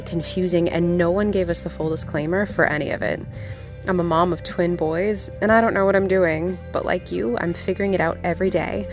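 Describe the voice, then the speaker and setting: A young adult woman hosting a solo podcast, talking candidly with wry asides. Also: lowish voice. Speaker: podcast host.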